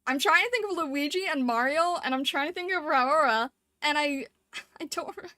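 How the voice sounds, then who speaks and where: A woman's voice: high voice, moderate pace, sharp tone, no echo, studio quality. A young adult woman streamer in casual live-stream chat, giggly and flustered as she talks.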